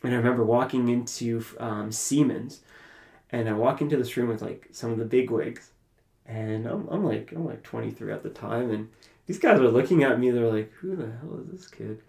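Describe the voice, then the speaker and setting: A man from Canada, a podcast guest, telling a personal story in an animated way and acting out his own past conversations. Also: medium pitch, normal speed, vocal fry. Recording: roomy echoey room.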